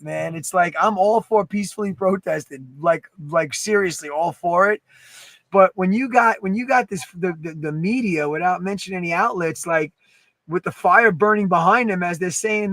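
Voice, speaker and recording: A man co-hosting a podcast in casual chat, animated and emphatic, swearing freely. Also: high-pitched, dry recording. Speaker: podcast co-host.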